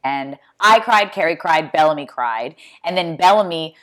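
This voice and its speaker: A woman's voice: low-pitched, animated, moderate pace, fairly bright tone. A woman chatting casually as a podcast guest, bubbly and laughing often, telling rambling run-on stories. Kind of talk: casual chat.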